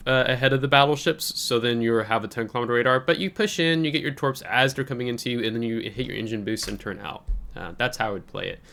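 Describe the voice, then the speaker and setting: In a mid-range, fairly bright voice, a male channel host offers laid-back coaching on a match a viewer sent in. He's analytical yet unsure, umming often, and he can't stop coughing.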